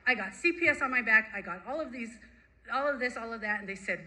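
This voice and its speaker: A woman sharing her personal recovery story with a group, animated and emphatic, repeating phrases for effect. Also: on the high side, quick pace, rough recording. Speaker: recovery meeting speaker.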